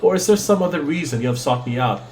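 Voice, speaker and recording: A man reading as a gentle old druid. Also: fairly high pitch, fast, a little hiss or hum, close to an everyday voice. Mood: solemn. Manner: calm, solemn, formal. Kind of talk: reading game dialogue aloud.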